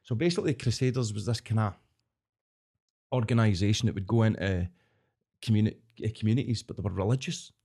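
He's a fast talker with a fairly low pitch who leaves long pauses. A Scottish entertainer guesting on a casual podcast, he tells lively stories, acts out voices and laughs a lot.

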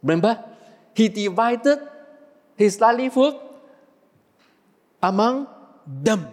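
A man's voice: sits high, slow pace, in a large hall. A man preaching a sermon, firing questions at the congregation and answering them himself. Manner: animated, asks the audience questions and answers them.

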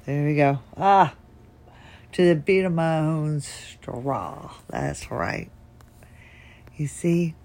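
A woman with a low, husky, darkish voice hosts a solo podcast from her bed at home. Her talk rambles and drifts into tangents, broken by occasional chuckles, and she sounds weak and strained, struggling to get the words out.

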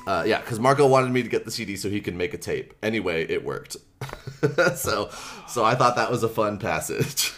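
A man with a deep, low-pitched voice recaps a book on a comedy podcast. He tells it loosely and animatedly, full of "like" and fillers. He slips into the characters' lines and laughs a lot. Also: moderate pace, faint music behind. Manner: animated retelling, acts out quotes, laughs often, many fillers.

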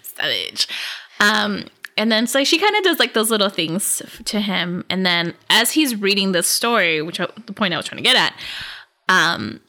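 A woman's voice: medium pitch, animated, normal speed, sharp tone. A young woman chatting casually as a podcast co-host, recapping a book, laughing often and acting out the characters' lines.

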